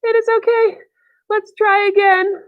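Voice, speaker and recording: A woman reading a picture book aloud, voicing a polite, earnest snake who speaks slowly and carefully. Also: extremely high pitch, little pitch movement, phone-quality sound, voice pushed up. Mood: hopeful. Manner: slow, careful, halting. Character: polite earnest cartoon snake, slow and simple.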